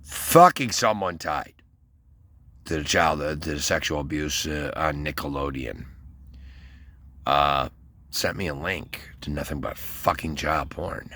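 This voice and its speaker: A man's voice: rumbling low, measured pace, pushed and bright. A man from Michigan telling a long, rambling, profane story about his military service, full of fillers and restarts. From Westland, Michigan, US. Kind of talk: casual rambling monologue.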